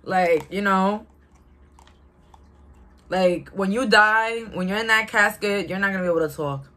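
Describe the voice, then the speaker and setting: A woman's voice: mid-range voice, pushed and bright. A young woman, giving a casual, outspoken tarot reading to her viewers and laughing often. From Brooklyn, New York. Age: 20s. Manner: outspoken, chatty, quick to laugh. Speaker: tarot reader.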